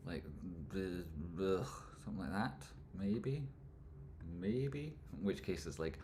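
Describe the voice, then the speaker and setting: Male streamer, low voice, rambling chat host, mumbles then loud jokey bursts, faint hum behind. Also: animated, takes it slowly. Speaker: livestream host answering chat. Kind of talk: casual live chat, stock chart commentary.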